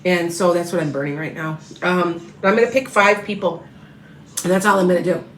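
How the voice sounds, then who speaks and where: A woman's voice: on the low side, steady tone, a little fast, reverberant, a little hiss or hum, rough recording. A tired woman reading tarot, chatting casually and rambling on a livestream as she greets viewers by name. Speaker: tarot reader.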